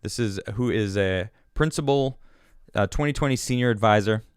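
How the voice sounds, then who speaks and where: A man's voice: on the low side, normal speed, smooth, dry recording, studio quality. A man hosting his own show, giving an indignant, rambling political monologue full of restarts. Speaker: show host.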